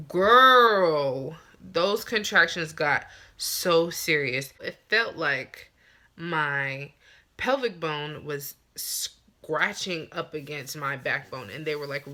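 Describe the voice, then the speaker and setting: A young woman vlogger casually telling a personal story to the camera, chatty and animated, acting out what people said. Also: deep voice.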